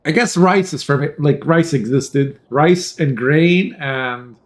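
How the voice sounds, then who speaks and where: A man with a somewhat high voice gives loose, joking commentary on a card game tournament. He rambles between plays and often clears his throat. He speaks close into a headset mic. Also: slow. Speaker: tournament caster. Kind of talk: casual live game commentary.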